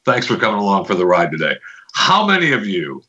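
A man's voice: deep voice, wildly swooping pitch, a little fast, pushed and bright, highs cut off. A man hosting a podcast in a casual, joking way, chatting loosely and fiddling with his mic on air. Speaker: podcast host.

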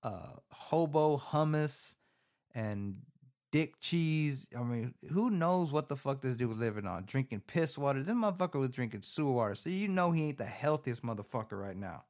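A man's voice: medium pitch, normal speed. A man casually recapping a film on his phone camera, cursing constantly and rambling animatedly. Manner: profane, rambling, animated storytelling. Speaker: movie recapper.

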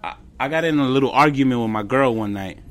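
A man in his twenties, a comedian guest on a casual podcast, telling animated stories with slang, swearing and bits of Spanish. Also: medium pitch, fast talker. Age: 20s.

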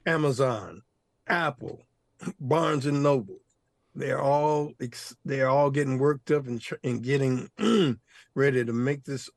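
Gravelly, laughing older man. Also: mid-range voice, takes it slowly, no room sound, clean studio sound. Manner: exuberant, laughs often, playful slang. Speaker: guest, author and mentor. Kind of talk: animated storytelling interview.

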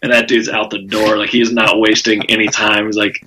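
A man's voice: on the low side, completely flat delivery, a little fast, bright, forceful tone, low-quality recording. A man with a Southern US accent, a comedian telling stories in a casual podcast chat, rambling with lots of fillers and cursing. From South Carolina. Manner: rambling storytelling with frequent fillers and profanity. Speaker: comedian guest.

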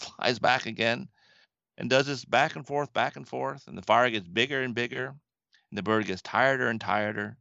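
A man's voice: mid-range voice, gravelly, no room sound, dull audio. A man from the western United States, a Buddhist teacher, earnestly telling a story in reflective conversation. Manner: storytelling, earnest, laughs softly.

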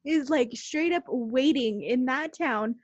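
A woman's voice: high-pitched, slow pace, no echo, dull audio. A woman co-hosting a casual chat, talking emphatically with quips. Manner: emphatic, quippy. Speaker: podcast co-host.

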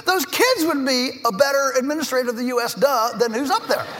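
A middle-aged farmer from Virginia giving a lively conference speech, an animated storyteller who slips in jokey asides. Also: male voice, very high voice, quick pace. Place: large conference hall. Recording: echoey hall with long reverb.

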